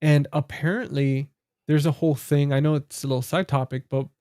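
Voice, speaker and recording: Casual podcast co-host, man, upbeat and excitable, mellow dark tone, dry close mic. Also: fairly high pitch, brisk, clear, resonant tone, no echo. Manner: excitable, laughs while retelling scenes. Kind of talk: casual movie chat.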